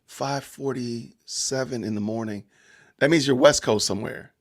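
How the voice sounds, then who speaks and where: A man's voice: medium pitch, moderate pace. A man with a Southern Georgia accent hosting a casual livestream podcast, chatting loosely with viewers and greeting the chat. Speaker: podcast host.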